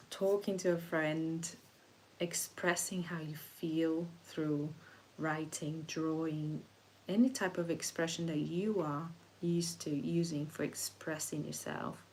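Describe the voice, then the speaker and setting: Woman host of a spiritual livestream, low voice, soft and meandering with restarts, faint hiss on the recording. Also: low-quality recording. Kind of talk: casual reflective livestream talk.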